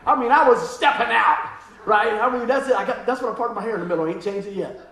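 A middle-aged man, a pastor, preaching a sermon full of funny personal stories. He tells them in an animated way, laughing often, and drops to quiet asides in between. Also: high voice, fast, reverberant. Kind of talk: sermon with humorous storytelling.

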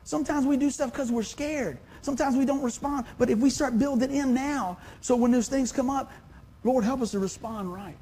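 Gravelly-voiced preacher, high and animated. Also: male voice, normal speed. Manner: animated, conversational preaching with sudden loud exclamations. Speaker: pastor. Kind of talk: sermon.

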